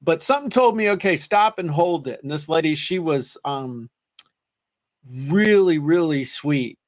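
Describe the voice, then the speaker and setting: Joking man telling stories, slightly high voice. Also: lively intonation, unhurried. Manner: joking storyteller, self-deprecating. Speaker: co-host. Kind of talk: casual chat.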